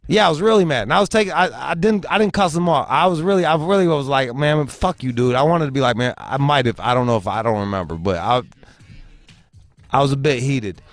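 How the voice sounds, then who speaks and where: A man's voice: mid-range voice, fast talker. Young guy ranting and cussing through a story, doing the voices, some music behind. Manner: animated storytelling, acts out quoted voices, swears heavily. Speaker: host. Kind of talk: profane comedic rant.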